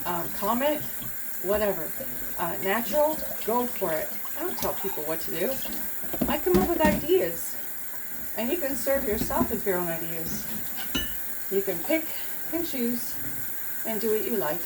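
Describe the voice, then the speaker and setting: A woman's voice: mid-range voice, big pitch swings, measured pace, long pauses, background noise. Chatty woman cleaning over clattering dishes. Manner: chatty, laughs often, encouraging. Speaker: cleaning vlogger. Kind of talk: casual chat while cleaning. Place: home kitchen at the sink. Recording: loud dishes and running water. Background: clattering dishes, pots and running water.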